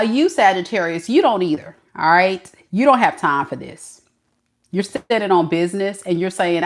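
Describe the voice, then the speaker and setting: A woman giving an animated tarot reading, often laughing and acting out what the other person is thinking. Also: lowish voice. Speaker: tarot reader.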